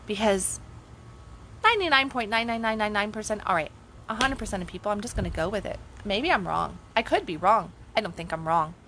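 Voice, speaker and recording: A woman's voice: mid-range voice, lively intonation, fairly quick, a bit bright, slight background noise, low-quality recording. A woman life coach giving a blunt, casual motivational talk, swearing freely and asking rhetorical questions.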